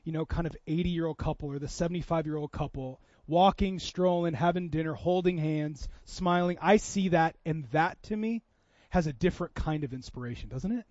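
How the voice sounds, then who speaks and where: Animated pastor, high-pitched man. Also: brisk, no echo, dull audio. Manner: animated storytelling, swings from loud to soft. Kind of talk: sermon.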